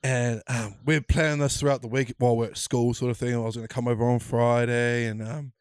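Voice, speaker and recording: A man's voice: medium pitch, a little fast, clear, resonant tone, dry recording, clean studio sound. A man telling childhood stories to his cousin in casual chat, acting out the quotes as he goes. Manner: animated storyteller, laughing, acting out quotes.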